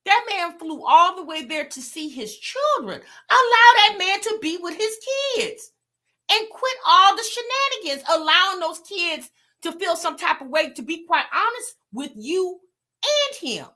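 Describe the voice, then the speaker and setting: A woman hosting a reaction channel, giving animated casual commentary straight to her viewers. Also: extremely high pitch, unhurried.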